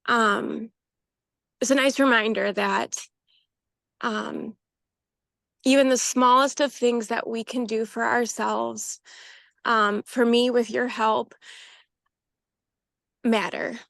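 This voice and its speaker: Slow, gravelly woman sharing hesitantly. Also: a little high, fairly even intonation, a bit bright, no room sound, studio quality. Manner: hesitant, halting, many fillers. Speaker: coaching client. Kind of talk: reflective group sharing.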